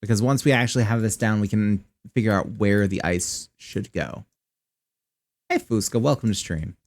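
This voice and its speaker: A man's voice: fairly low pitch, moderate pace. A man chatting wryly through casual live gameplay commentary, swearing when annoyed, on a close desk mic run through a voice changer app. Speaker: streamer.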